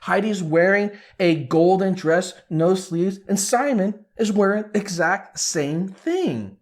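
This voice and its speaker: A man's voice: high-pitched, expressive, slow. A man hosting a casual commentary, talking animatedly and asking many rhetorical questions. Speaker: YouTube commentator.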